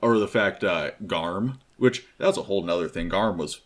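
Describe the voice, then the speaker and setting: A man co-hosting a casual game review chat, relaxed and rambling with fillers and restarts. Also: deep voice, moderate pace. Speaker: podcast co-host.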